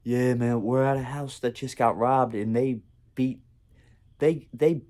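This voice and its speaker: A man's voice: mid-range voice, steady tone, unhurried, darkish tone, close to an everyday voice. A man voicing a male police officer chatting loosely on the phone, close to his own voice. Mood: amused.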